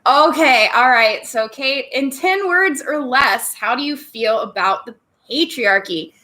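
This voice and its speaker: A bubbly woman talks casually to her livestream viewers. Her voice sits a little on the high side, and she laughs easily and chats freely. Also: lively intonation, a little slow, bright, forceful tone. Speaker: livestream host. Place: home room.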